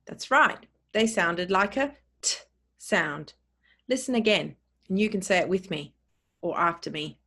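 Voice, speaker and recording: A woman teaching a pronunciation lesson, saying words slowly and clearly, repeating them and spelling them out letter by letter. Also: on the low side, animated, bright, forceful tone.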